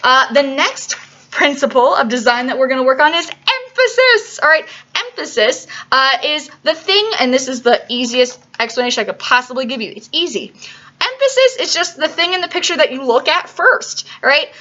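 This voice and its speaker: Upbeat art teacher lady talking to kids, bright sharp voice, keeps asking right? okay?, kinda lo-fi audio. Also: high-pitched, big pitch swings, normal speed. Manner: chatty, checks in with "right?" and "okay?". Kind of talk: classroom video lesson for children. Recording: slightly dull lo-fi recording.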